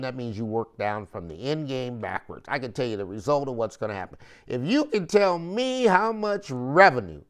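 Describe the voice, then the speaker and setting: Animated, ranting male sports podcaster. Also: a little high. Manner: emphatic, animated rants with rhetorical questions; slangy, repeats phrases for emphasis. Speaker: podcast host. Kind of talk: opinionated sports commentary monologue.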